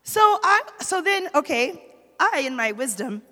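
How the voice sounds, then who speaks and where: A woman with a high voice preaches to a church congregation, and her words ring out with a long echo through the hall. She tells her story with lively energy and keeps asking the congregation to respond. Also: measured pace. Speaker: pastor's wife preaching. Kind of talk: sermon. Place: church sanctuary.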